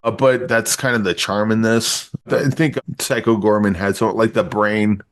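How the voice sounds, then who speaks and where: A man's voice: fairly low pitch, fairly even intonation, normal speed. A man reviewing movies on a podcast in casual chat, rambling through the plot with stumbles and restarts.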